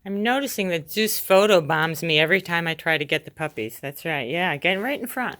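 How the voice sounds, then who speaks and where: A woman's voice: fairly low pitch, expressive, fairly quick, a bit bright. A woman filming her dogs at home on a handheld phone, cooing sing-song baby talk at them and scolding them playfully. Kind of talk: casual talk to pets while filming. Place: home, indoors. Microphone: handheld phone camera she is filming with.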